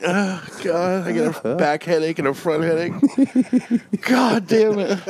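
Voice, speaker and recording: Young man, excitable and crude, slightly high voice. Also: a little slow. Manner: excited, swearing, laughing. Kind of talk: casual chat.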